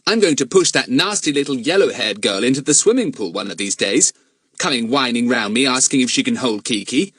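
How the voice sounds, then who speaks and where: Man doing a blunt, cheeky storybook teen, lively husky voice. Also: mid-range voice, fairly quick, no echo, clean studio sound. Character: cheeky boy with a parrot, young teen.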